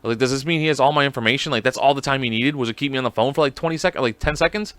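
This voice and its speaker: A man's voice: mid-range voice, racing, fairly bright tone, dry recording. A man hosting a podcast alone, chatting casually in a rambling, profane, self-mocking way. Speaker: podcast host. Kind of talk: casual solo chat.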